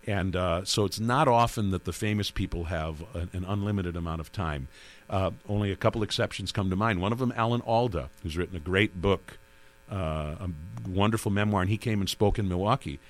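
A man's voice: sits low, a little fast. A man who hosts a radio interview show, telling stories about his work in a rambling way with many restarts. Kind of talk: conversational interview.

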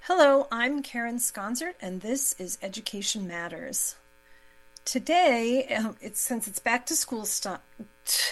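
A woman's voice: fairly high pitch, rough recording. A woman moderating a local radio interview show, friendly and chatty, now and then tripping over her words.

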